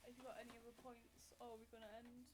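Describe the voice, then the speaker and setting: A woman's voice: a little high, monotone, rapid-fire, very noisy. A woman co-hosting a casual chat podcast, blunt and teasing with her friend. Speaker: podcast co-host.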